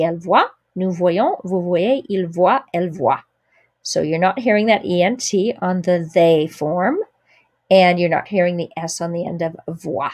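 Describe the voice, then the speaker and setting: A woman teaching a French lesson, explaining pronunciation patiently and slowing down to model each word. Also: lowish voice. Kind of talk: spoken language lesson.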